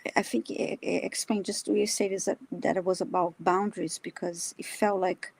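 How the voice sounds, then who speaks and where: A woman gives psychic readings on a live stream, speaking softly and hesitantly with frequent ums and restarts. Her voice is low, husky and a little gravelly. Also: flat delivery, a little fast, no echo, poor audio. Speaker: psychic reader, co-host.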